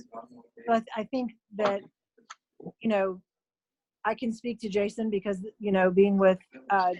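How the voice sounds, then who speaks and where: A woman's voice: medium pitch, slight background noise, poor audio. A woman guest on a talk show who speaks earnestly and thoughtfully, with a few fillers. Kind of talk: casual talk show chat.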